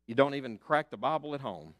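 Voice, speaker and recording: An older man, preaching a sermon as pastor, emphatic and fiery, rising to loud declarations and dropping to hushed asides. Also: medium pitch, expressive, quick pace. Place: church sanctuary.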